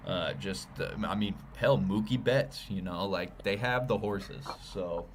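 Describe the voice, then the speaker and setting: Low-voiced man with deadpan quips. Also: measured pace, a little hiss or hum. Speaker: co-host. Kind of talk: casual sports chat.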